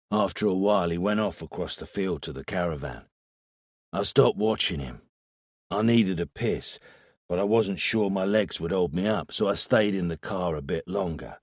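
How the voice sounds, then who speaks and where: A man's voice: low-pitched, breathy edge, no echo, clean studio sound, exaggerated voice. A man voicing a crude, smug small-time crook who tells police his story hesitantly and bargains for a deal. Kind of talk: audiobook character voice.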